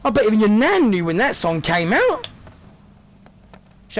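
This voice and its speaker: High-voiced British man ranting. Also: a little slow. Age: 30s. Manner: sweary, sarcastic, animated ranting. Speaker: vlogger. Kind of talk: casual ranting monologue.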